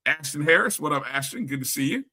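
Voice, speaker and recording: This sports talk co-host has a fairly high, slightly rough voice and speaks fast and animatedly. On a laid-back live stream, he works through the chat greeting each viewer by name, staying chatty and cheerful.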